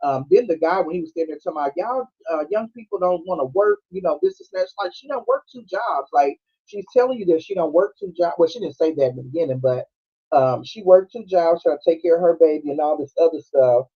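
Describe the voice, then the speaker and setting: A high-pitched man hosts a casual podcast, chatting through a movie scene by scene with a Black flavor. He acts out the characters' lines and breaks into laughter often. The sound is a bit dull and lo-fi. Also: fast talker, husky. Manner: animated storytelling with frequent laughing and quoted voices. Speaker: podcast host. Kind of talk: casual movie recap chat. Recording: dull lo-fi streaming audio.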